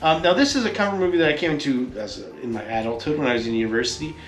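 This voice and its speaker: A man co-hosting a podcast in a casual chat, joking and animated, and he swears freely. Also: on the high side, very fast, reverberant, faint music behind. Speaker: podcast co-host.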